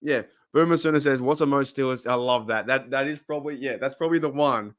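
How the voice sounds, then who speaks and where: An Australian man hosting a podcast from his room alone, chatting in an excitable, rambling way and often laughing. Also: medium pitch, fast. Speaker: podcast host. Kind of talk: casual livestream chat.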